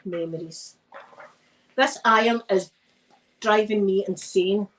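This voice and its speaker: A woman's voice: mid-range voice, slow pace, fairly bright tone, slight background noise, rough recording. A Scottish woman chatting on a live stream while she irons, telling rambling stories and laughing often. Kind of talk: casual chat while ironing.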